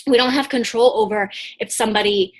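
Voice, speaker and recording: A woman's voice: fairly high pitch, a little fast. A woman business coach telling a personal story in a live motivational talk over a video call, in a casual, chatty way with lots of fillers and restarts.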